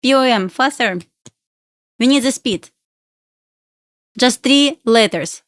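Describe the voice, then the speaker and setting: A woman's voice: fairly high pitch, slow pace, dry recording. Chatty woman with a Russian accent. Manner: chatty, pleads with the chart, laughs often. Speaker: live day-trading streamer. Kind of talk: casual live-stream chat.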